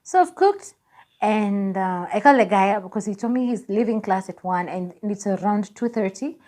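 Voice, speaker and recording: A young Kenyan woman in her twenties telling a personal story on her vlog, lively and laughing as she acts out what people said. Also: medium pitch, moderate pace. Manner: animated, laughing, acts out dialogue. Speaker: vlogger.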